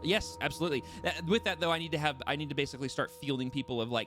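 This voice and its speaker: Young male game master, fast and animated, with background music. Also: mid-range voice. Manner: animated, self-deprecating, rambling with restarts. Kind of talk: casual table talk between sessions. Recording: music bed playing behind voice.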